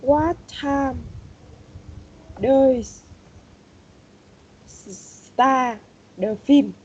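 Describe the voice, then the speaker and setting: A woman answers her English exercises in a very slow, halting way, pausing between single words. Her voice is high and mellow. The call audio is dull and lo-fi, with a faint hum of background noise behind her. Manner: hesitant, halting, word by word. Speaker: language student.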